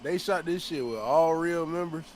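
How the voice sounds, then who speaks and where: A man's voice: on the high side, moderate pace, a little hiss or hum. A man watching along with a streamer, chiming in with questions and agreement. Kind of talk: casual chat.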